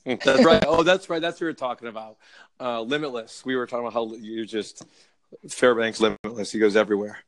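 A man co-hosting a casual podcast while fighting a cold, quick with jokes and laughs. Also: medium pitch, steady tone. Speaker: podcast co-host.

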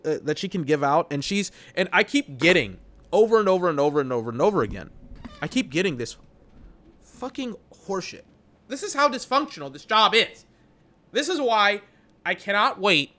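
A man's voice: high-pitched, very animated, normal speed, fairly bright tone. A young man hosting a solo podcast, ranting about his job in a profane, exasperated, rambling way. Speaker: podcast host. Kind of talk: solo venting rant.

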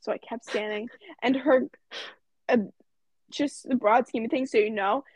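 Teen girl co-host, husky higher voice, animated storyteller, swears a lot, dry close sound. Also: normal speed, no echo. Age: teens. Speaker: podcast co-host. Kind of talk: casual chat.

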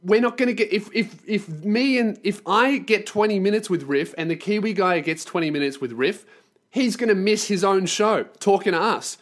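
A man's voice: high-pitched, normal speed. A man hosting a podcast, telling a story as a profane, sarcastic rant. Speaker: podcast host and touring performer.

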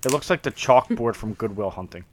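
A man's voice: lowish voice, expressive, slight background noise. A man in his thirties co-hosting a casual wrestling podcast, joking and swearing freely. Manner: joking, profane, quick asides. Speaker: podcast co-host.

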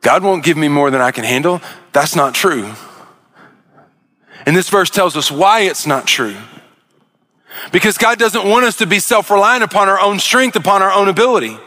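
A man's voice: sits high, expressive, moderate pace, long pauses, bright, forceful tone. A man preaching a sermon as pastor, impassioned, often repeating words and restarting mid-phrase.

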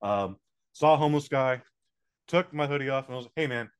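A man's voice: medium pitch, a little fast, smooth. Blunt, swearing male podcast co-host. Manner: blunt, profane anecdotes. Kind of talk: casual chat.

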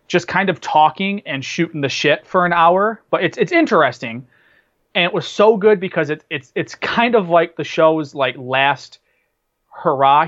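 A man's voice: a little high, a bit bright, dull audio. A man co-hosting a podcast, chatting casually about movies and TV, rambling with lots of fillers and restarts. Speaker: podcast co-host.

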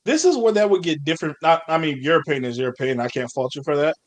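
A man's voice: fairly high pitch, animated, racing. A man co-hosting a casual podcast chat, blunt and laid-back, swearing freely. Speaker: podcast co-host.

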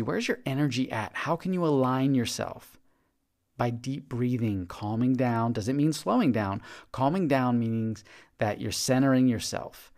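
A man hosting a podcast, giving an earnest, encouraging motivational monologue and often repeating his words. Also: medium pitch. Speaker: podcast host.

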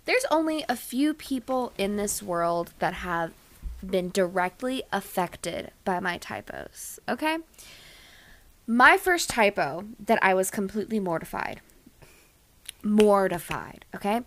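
A woman's voice: mid-range voice, measured pace. A young woman co-hosting a podcast, telling a story in a casual, dramatic way and acting out what people said. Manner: animated, dramatic storyteller who acts out quotes. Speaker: podcast co-host.

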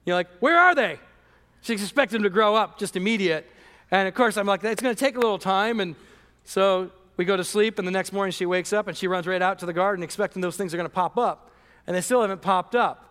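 A man preaching a sermon as pastor, earnest and emphatic, acting out quoted voices and rising to near shouts. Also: high voice, fairly even intonation, fast talker. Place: church sanctuary. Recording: long hall reverb.

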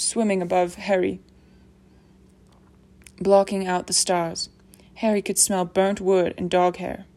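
A woman reads a novel aloud as an audiobook narrator. Her voice sits at a middle pitch for a woman, and her delivery stays steady and measured. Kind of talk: scripted narration.

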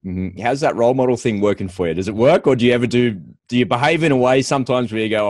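A man hosts a podcast, upbeat and lively, selling the show before chatting with his guest. His voice sits mid-range. The sound is dry and close, with no room around it. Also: mid-range voice, fast talker, no echo. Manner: upbeat, lively, promo-style. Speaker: podcast host. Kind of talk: podcast intro and interview.

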